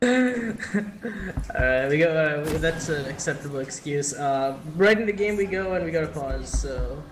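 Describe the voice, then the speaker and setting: High-voiced young Indian man casting esports. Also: expressive, a little slow, noisy background. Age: young adult. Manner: jokey, swears freely, laughs often. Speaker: esports caster. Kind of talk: casual esports commentary. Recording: echoey room.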